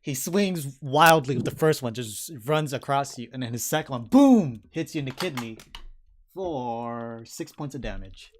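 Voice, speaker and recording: A man's voice: medium pitch, normal speed, a little hiss or hum. Man narrating a tabletop battle. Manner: lively play-by-play narration, sound effects, casual swearing. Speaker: dungeon master.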